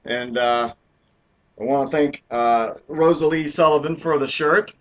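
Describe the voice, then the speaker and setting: On his own live stream, a man with a fairly high voice chats at an unhurried pace, rambling and making fun of himself with plenty of filler words. The audio is dull and lo-fi.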